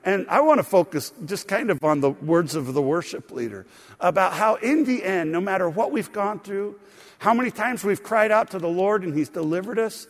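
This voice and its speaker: A man's voice: sits high, expressive, normal speed. A man preaching a sermon as pastor, reading scripture expressively with frequent fillers. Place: church sanctuary. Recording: long reverb of a large hall.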